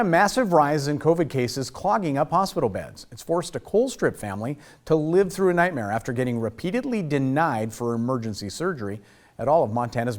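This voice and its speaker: Man anchoring a morning newscast. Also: medium pitch. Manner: steady, formal newsreading. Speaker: news anchor. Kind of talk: scripted news reading.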